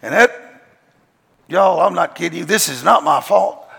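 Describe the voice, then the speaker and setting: A man preaching a sermon, telling a story in a folksy, emphatic way with slang, often shouting and laughing his way through it. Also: sits high, a little slow, creaky, slightly rough. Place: large church hall. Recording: long hall reverb.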